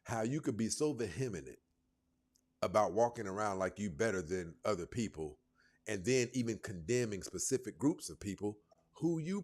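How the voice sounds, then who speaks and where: A man hosts a reaction video in a fairly low voice that swings widely up and down. He mocks his subject and keeps laughing at his own jokes. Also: animated, normal speed, darkish tone. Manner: mocking, laughing, jokey asides. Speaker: commentary host. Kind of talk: reaction commentary.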